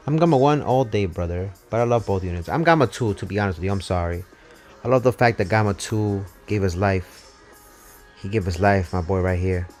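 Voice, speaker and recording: A man streaming a mobile game live, talking casually and excitably, swearing and rambling as he plays, over faint game music. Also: deep voice, brisk. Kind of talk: casual live gameplay commentary.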